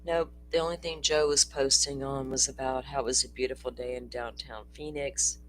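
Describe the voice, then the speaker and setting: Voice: mid-range voice, fairly even intonation, moderate pace, slight background noise. A livestream host, chatting casually and rambling through a true-crime stream, laughing often and swearing freely, sounding tired. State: tired, yawning.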